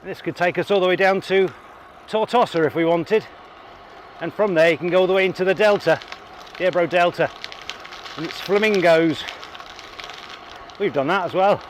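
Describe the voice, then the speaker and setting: A man's voice: sits high, moderate pace, pauses often, slight background noise. A man in casual, chatty narration while riding a bike outdoors, thinking aloud with fillers, recorded on an action camera. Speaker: cycling vlogger. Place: outdoors on a bike, roads and a greenway with tunnels.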